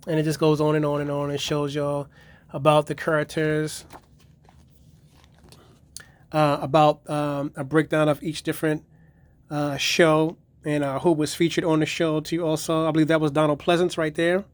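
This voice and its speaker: Profane, rambling man with a high voice. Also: completely flat delivery, normal speed, smooth, no room sound. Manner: profane, rambling retelling of episodes. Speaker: collector reviewing his DVD collection. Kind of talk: casual video review.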